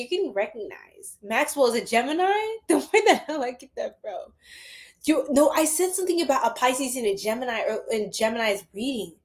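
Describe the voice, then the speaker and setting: Woman, psychic tarot reader, casual slangy chat, laughs a lot, fairly high voice. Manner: chatty and slangy, laughing often. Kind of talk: casual tarot reading to viewers.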